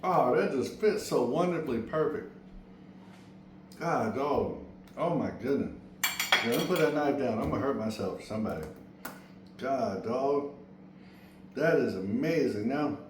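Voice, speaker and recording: An excitable, folksy man hosts a home cooking video and talks right to his viewers. His mid-pitched voice rings around an echoey kitchen. The faint clatter of pots and dishes sits behind him. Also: slight background noise. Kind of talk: casual cooking demo and taste test.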